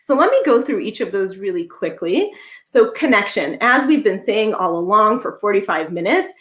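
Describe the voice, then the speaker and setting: A woman's voice: mid-range voice, big pitch swings, normal speed. Conversational woman therapist, echoey room. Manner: conversational, lists points step by step. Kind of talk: educational talk.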